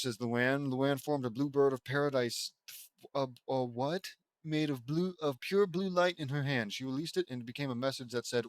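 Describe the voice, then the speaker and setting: In a dry, echo-free recording, a man with a mid-range voice reads a fan fiction aloud for comedy. He keeps breaking off for exasperated, sarcastic remarks and quick mock voices.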